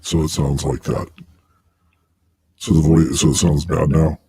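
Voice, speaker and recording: A man talking casually through a pitch-shifting voice changer that lowers his voice. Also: little pitch movement, measured pace, dark tone, husky, heavily acted. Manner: casual, demoing with fillers.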